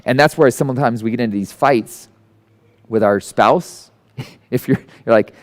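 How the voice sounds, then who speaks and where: A man giving a conversational sermon who tells stories and acts out the people in them with sudden jumps into a high voice. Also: moderate pace. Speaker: guest speaker. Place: church hall.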